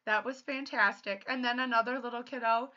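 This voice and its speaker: A young adult woman chatting casually while streaming a game, excitable and quick to laugh. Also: fairly high pitch. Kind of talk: casual livestream chat. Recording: dull lo-fi audio.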